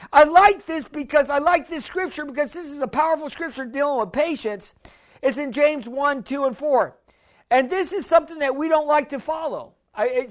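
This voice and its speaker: A woman preaching a sermon, emphatic, repeating key phrases and stumbling into restarts, slowing right down to stress a point. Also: high voice. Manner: slows down hard to stress lines.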